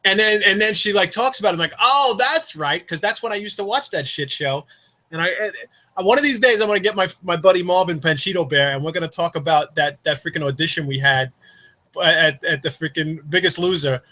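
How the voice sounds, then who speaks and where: A man with a bright, tense, somewhat high voice co-hosts a casual chat. He jokes a lot and talks in an animated, playfully dramatic way. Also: quick pace, rough recording. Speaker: co-host.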